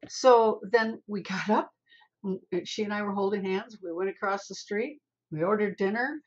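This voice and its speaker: An older woman, a spiritual healer, telling a story in an interview in an animated way and calling the host honey. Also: lowish voice, husky, lo-fi sound.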